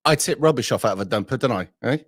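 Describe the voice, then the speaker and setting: A man's voice: mid-range voice, expressive, racing, no echo, clean studio sound. A man from southwest England, hosting a livestream with sweary, mocking banter. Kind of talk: casual online banter.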